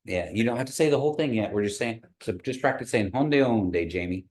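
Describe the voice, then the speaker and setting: Patient low-voiced man teaching a class. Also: expressive, darkish tone. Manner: patient, encouraging, slows down to model tones. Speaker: language teacher.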